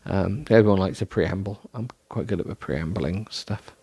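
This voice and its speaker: A man's voice: low voice, normal speed, vocal fry, dark tone, husky, no echo. A man hosting a solo podcast, rambling in a self-deprecating way with many ums and restarts, sounding tired. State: tired, yawning. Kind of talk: rambling casual monologue.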